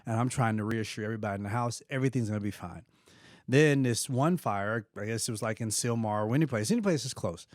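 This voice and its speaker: Middle-aged male host, storytelling, lively, dry close mic. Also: medium pitch, fast talker, hardly any pauses, no room sound. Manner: animated, acts out quoted voices with laughs. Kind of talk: personal storytelling.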